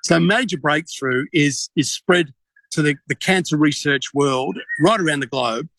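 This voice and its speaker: An Australian man speaking as a radio interview guest, earnest and halting, often repeating words. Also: fairly high pitch, fairly bright tone, no room sound. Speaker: charity fundraiser cyclist guest.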